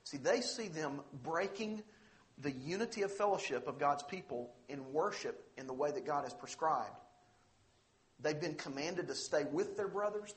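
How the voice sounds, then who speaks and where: Guy preaching a sermon, fairly high voice, earnest and emphatic. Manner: earnest, emphatic preaching with rising stress on quoted scripture. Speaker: pastor.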